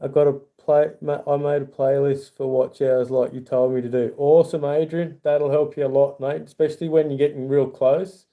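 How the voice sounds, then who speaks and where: A man's voice: a little high, little pitch movement, normal speed, hardly any pauses, phone-quality sound. A middle-aged Australian man hosting a casual livestream, rambling in a friendly way and reading viewer comments aloud. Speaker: YouTube channel host.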